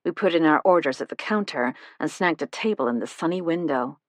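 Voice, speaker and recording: A woman reading a first-person mystery novel aloud in a measured, even storytelling manner, close to the mic. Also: deep voice, no room sound. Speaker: audiobook narrator. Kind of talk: scripted first-person narration.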